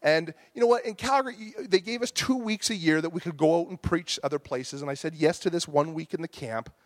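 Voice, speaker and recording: A man preaches a storytelling sermon in a fairly high voice at a fairly quick pace, recorded close and dry with no echo. He recounts a story from his own life, acting out his angry outbursts and the softer replies.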